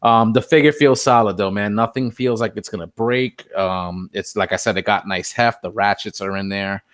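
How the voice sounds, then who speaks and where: Easygoing low-voiced man reviewing a toy. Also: moderate pace, smooth, no room sound, clean studio sound. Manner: easygoing, descriptive, many fillers. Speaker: co-host reviewing a toy figure. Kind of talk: casual unboxing chat.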